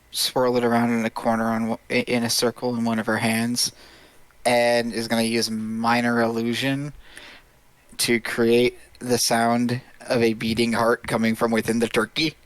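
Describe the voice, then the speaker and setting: A man describing his character's spell in a tabletop game, thinking aloud with hesitant pauses. His voice has an ordinary pitch. The sound is dry, with no room echo. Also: fairly bright tone. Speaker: player.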